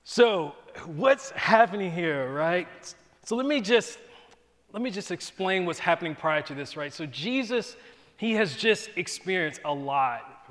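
Casual, animated male preacher in a reverberant hall. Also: on the high side. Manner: casual and animated, often asks "right?". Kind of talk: conversational Bible teaching.

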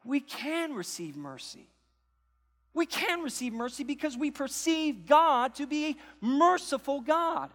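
A man's voice: extremely high pitch, sing-song, a little slow, fairly bright tone, long reverb tail. A man preaching a sermon as pastor, conversational, with repeated phrases and asides to the congregation.

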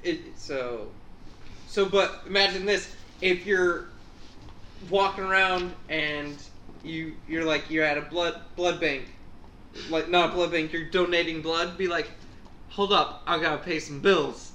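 A man's voice: on the high side, steady tone, unhurried, bright, forceful tone. A man in casual group chat, joking and posing hypothetical questions to his friends. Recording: echoey room with faint background noise.

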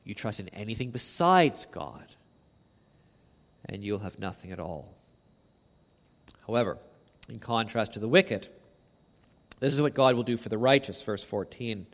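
Impassioned preacher in a reverberant hall. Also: male voice, lively intonation. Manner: impassioned, rising to near shouts on quoted verses, then dropping low and slow; repeats words while building a point. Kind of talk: expository sermon on a scripture passage.

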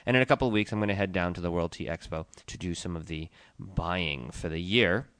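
A man with a low, smooth, resonant voice co-hosts a relaxed tea podcast. He explains and lists facts in a steady, informative way. The sound is dry and close. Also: a little fast, no echo. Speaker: podcast co-host, tea shop owner. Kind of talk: casual informational chat.

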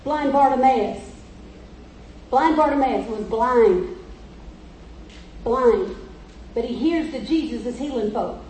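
Woman preacher, high voice, emphatic storytelling sermon, heard from a distance in an echoey church with faint noise. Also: slow pace, long pauses, a little mellow.

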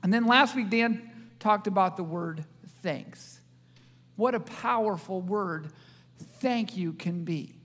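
A high-pitched male pastor preaching in a church with a long, ringing reverb. He teases the congregation and tosses questions at them as he goes. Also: takes it slowly, fairly bright tone. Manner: joking, audience-engaging preacher. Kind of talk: sermon.

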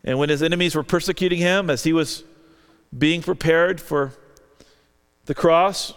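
A man's voice: a little high, normal speed, clean tone. A man preaching a sermon, earnestly reading scripture aloud and lifting his voice for the quoted lines. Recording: long reverb of a large hall.

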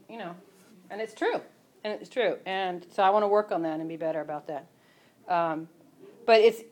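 A woman's voice: medium pitch, darkish tone, slight background noise. A woman hosting a casual faith talk, speaking conversationally and quoting scripture.

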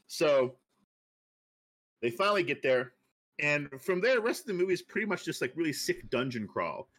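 A man's voice: on the high side, very animated, a little slow, pauses often, a bit bright. A man co-hosting a podcast in casual chat, rambling through ideas with lots of "like" fillers and frequent laughter. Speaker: podcast co-host.

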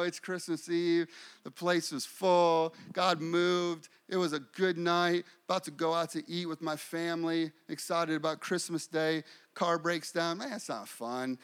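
A man's voice: a little high, a bit bright, clear, resonant tone. A man preaching a sermon, repeating phrases and telling a personal story. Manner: repetitive, declaring, testimony-telling. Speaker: pastor.

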